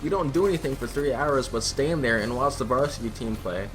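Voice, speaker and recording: A teenage gaming host telling a school story over gameplay in a chatty, profane, laughing way. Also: male voice, mid-range voice, a little fast. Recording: music playing behind the voice. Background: background music.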